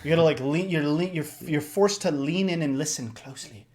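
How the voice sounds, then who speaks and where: A man hosting a casual reaction discussion, talking in an animated way that swings up and down. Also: a little fast. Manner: animated, shifts pitch and loudness a lot, acts out voices. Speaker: reaction video host.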